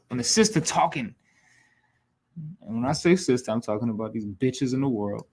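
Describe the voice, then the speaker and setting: A man's voice: medium pitch, animated, normal speed, a little mellow. Blunt, scolding male scripture teacher. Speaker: class instructor. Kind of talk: preaching scripture lesson.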